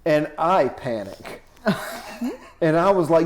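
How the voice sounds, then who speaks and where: Male stand-up comic, guest storyteller; slightly high voice, animated and profane, big swings from mutter to outburst. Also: takes it slowly. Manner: animated, profane, swings between low asides and loud outbursts. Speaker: touring comedian guest. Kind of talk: comedic storytelling on a podcast.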